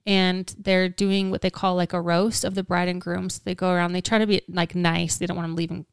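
A woman's voice: fairly low pitch, little pitch movement, brisk, smooth, dry recording, clean studio sound. A woman co-hosting a podcast in casual chat, a giggly storyteller who fills her talk with "like". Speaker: podcast co-host.

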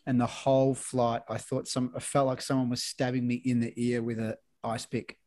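A man's voice: mid-range voice, completely flat delivery, normal speed, darkish tone, no echo. A middle-aged Australian man telling an anecdote casually, swearing freely and acting out quotes. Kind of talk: casual chat, storytelling.

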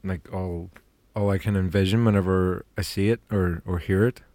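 Deep voiced guy on a movie podcast, unsure, lots of ums, dry sound. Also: steady tone, normal speed, warm tone, no echo. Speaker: podcast panelist. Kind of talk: casual film discussion.

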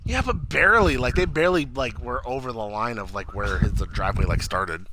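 A man's voice: mid-range voice, expressive, brisk. A man in casual chat recapping a TV episode, swearing, laughing and acting out quotes in big voices. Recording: noisy recording.

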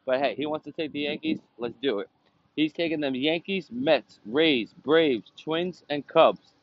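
A man's voice: on the high side, unhurried, highs cut off. A man hosting a casual sports betting podcast, running through picks and results in a brash, profane way from a windy spot outdoors. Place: outdoors, windy, traffic nearby.

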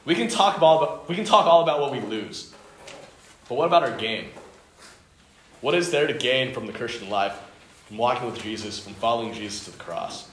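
A man's voice: medium pitch, expressive, fairly quick, pauses often, fairly bright tone. A man preaching to a youth fellowship in an earnest, emphatic style, piling up short phrases and repeating them. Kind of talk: sermon. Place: indoor home fellowship meeting. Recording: echoey room, faint noise.

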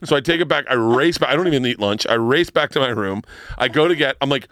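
A man's voice: mid-range voice, fast, fairly bright tone, no echo, clean studio sound. A middle-aged man, a comedian guest, telling stories in casual podcast chat, acting out quotes and breaking into big laughs.

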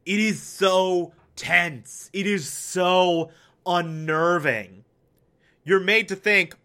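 A man giving a casual, animated TV episode recap, full of fillers and swearing, acting out characters' lines as he goes. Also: high-pitched, slow. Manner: animated, swears, many fillers, acts out quotes. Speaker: TV show reviewer.

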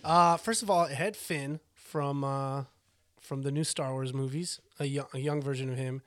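A man's voice: mid-range voice, steady tone, moderate pace, dry recording, studio quality. A young adult man co-hosting a podcast, rambling casually with many restarts and hesitations. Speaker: podcast co-host. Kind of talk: casual chat.

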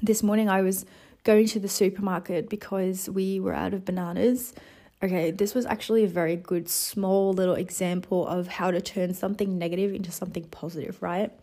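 A 28-year-old woman from the Netherlands, giving a casual motivational monologue with chatty, animated storytelling. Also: medium pitch, a little fast. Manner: chatty, animated storytelling with lots of "you know" and "like". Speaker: wellness vlogger.

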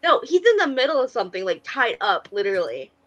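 A woman's voice: on the high side, big pitch swings, fast talker, dull audio. A woman co-hosting a casual podcast chat, telling a story with lots of energy, acting out the dialogue and swearing freely. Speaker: podcast co-host.

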